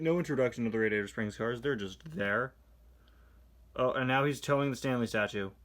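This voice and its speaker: Guy ranting about a bad comic, tense bright voice, sarcastic and fed up. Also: medium pitch. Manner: sarcastic, exasperated critique; reads captions aloud in quick put-on voices. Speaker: toy reviewer. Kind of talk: casual comic book review.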